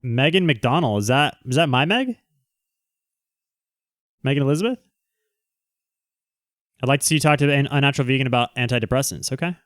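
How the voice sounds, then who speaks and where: A man hosting a casual livestream, talking loosely and jumping between asides to the people watching. His voice comes across smooth and resonant. The sound is close and dry, with no room around it. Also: mid-range voice, a bit bright, dry recording. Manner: rambling, quick asides to viewers. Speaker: livestream host.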